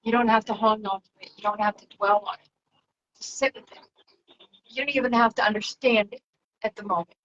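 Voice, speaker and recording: A woman talking casually on her own broadcast as a spiritual channeler, soft and reflective, drifting from one thought to the next. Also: medium pitch, steady tone, fast, dull audio, a little hiss or hum. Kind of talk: casual spiritual livestream talk.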